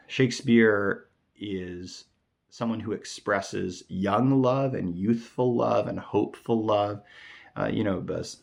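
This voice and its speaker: A man hosting a poetry show, explaining a sonnet in a casual, thoughtful way and reading lines of verse slowly. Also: sits low, vocal fry. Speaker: poetry podcast host.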